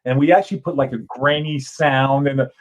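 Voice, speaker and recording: Older male guest, animated storyteller who acts out voices. Average pitch. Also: fairly quick, low-quality recording. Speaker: author and guest. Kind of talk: casual storytelling.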